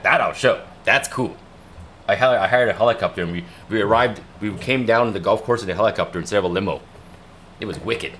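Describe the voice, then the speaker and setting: A man hosting a casual livestream, talking in an excited, rambling way and often repeating himself. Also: fairly low pitch, a little hiss or hum. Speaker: livestream host. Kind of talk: casual chat.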